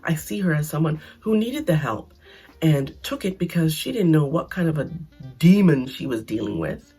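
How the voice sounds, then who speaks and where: A woman giving a casual, opinionated recap of a reality show, animated, blunt and sarcastic. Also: low voice, moderate pace, husky, soft background music. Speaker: reality TV commentator.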